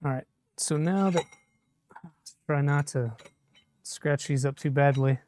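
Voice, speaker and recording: A man's voice: a little high, takes it slowly, a little mellow, slight background noise. A man chatting casually on a live stream while he assembles a 3D printer, answering viewer comments as he works. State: a bit shaky from caffeine.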